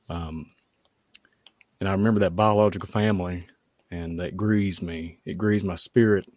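A man, giving a halting, heartfelt personal testimony at a prayer meeting. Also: low voice, darkish tone, no echo. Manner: halting, heartfelt, many fillers. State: tearful at times.

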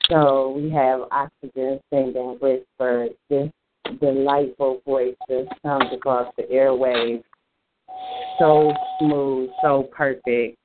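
Gushing male host on a noisy phone line. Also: medium pitch. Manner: gushing, praising. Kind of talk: effusive live show hosting.

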